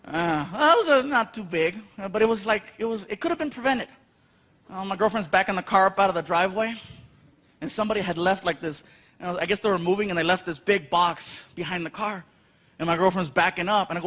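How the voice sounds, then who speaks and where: A man's voice: high-pitched, quick pace, a bit bright. A man in his thirties performing a stand-up comedy set, telling stories animatedly and acting out many voices. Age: 30s. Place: large live venue.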